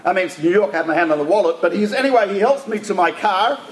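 A man with an Australian accent, a rabbi telling anecdotes in a lively religious talk, often restarting his sentences. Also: sits high, quick pace, reverberant. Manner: animated anecdotal storytelling with restarts.

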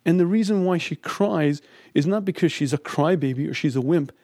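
A middle-aged man teaching a Talmud class, emphatic and lively as he acts out what people say. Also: fairly high pitch, brisk, dry recording, clean studio sound. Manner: emphatic, acts out quoted speech. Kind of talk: lecture on Talmud and marriage.

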